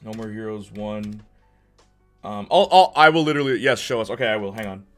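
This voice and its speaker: A man chatting excitedly and rambling about games on a live stream. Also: on the low side, brisk, faint music behind. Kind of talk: casual chat on a live stream.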